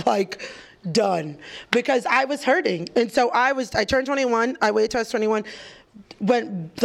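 A woman, a church staff pastor telling a personal story in a casual chat, lively and quick to act out voices. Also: mid-range voice, creaky. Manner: lively storyteller, acts out quoted voices, laughs often.

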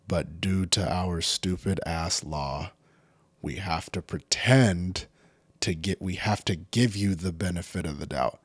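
A man from California delivering a profane, heated rant that keeps building toward shouting. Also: sits low, unhurried, husky, dry recording. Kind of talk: angry unscripted rant.

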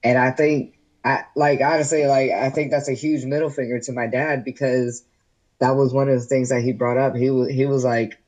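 A man's voice: mid-range voice, little pitch movement, normal speed, darkish tone, poor audio. A man guesting on a podcast, telling a personal story candidly in casual interview chat, with lots of "like" fillers. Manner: candid storytelling, heavy use of "like".

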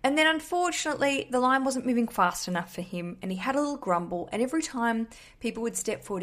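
A woman with an Australian accent hosts a podcast in a relaxed, storytelling monologue. She talks in a chatty, candid way and swears casually as she goes. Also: fairly high pitch, brisk. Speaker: podcast host.

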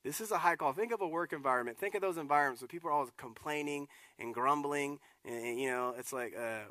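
A man, a lead pastor, preaching a sermon in a casual, animated way with acted-out asides. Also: a little high, fairly quick, few pauses, no echo.

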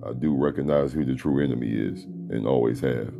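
A middle-aged man hosting a podcast with a deep voice, giving a blunt, profane, preachy motivational talk from a room at home. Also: fairly quick, creaky, hardly any pauses, dark tone, soft background music. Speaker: podcast host. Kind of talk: motivational monologue.

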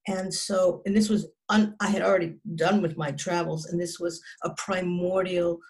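A woman's voice: on the low side, fairly even intonation, normal speed, a little mellow. A woman in her sixties, a psychotherapist, telling a personal story as an interview guest in an earnest, emphatic way, often restarting and dropping her voice at grim moments.

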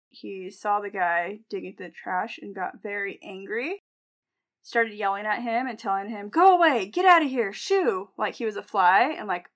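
A woman's voice: medium pitch, fairly bright tone. A young adult woman co-hosting a casual podcast, telling stories in a chatty way, acting out quotes and laughing often. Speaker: podcast co-host, nurse.

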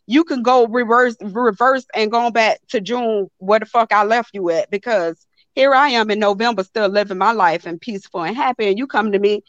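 A young woman, telling a story to a live audience in a blunt, animated way and swearing freely. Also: on the high side, no room sound, muffled recording. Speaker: host of a live talk stream.

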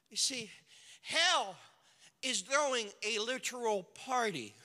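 A man's voice: very high voice, lively intonation, takes it slowly, bright, forceful tone. A male pastor preaching a sermon, telling the story in an impassioned, colloquial way. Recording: long reverb of a large hall.

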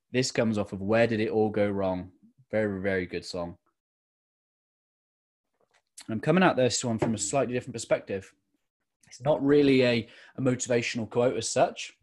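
A middle-aged man giving an earnest motivational talk as a podcast host, slowing down to stress key phrases. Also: on the low side, darkish tone.

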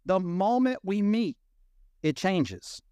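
A man's voice: high-pitched, sing-song, slow pace, warm tone, clean tone, no echo, clean studio sound. A man in his thirties hosting a casual audio chat, telling stories animatedly and swearing freely. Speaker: host.

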